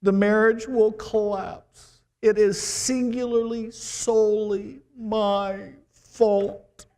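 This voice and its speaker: A preacher voicing an imagined fretful middle-aged mother in a strained, high mock-woman voice. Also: expressive, a little slow, dark tone, in a large hall. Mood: self-blaming.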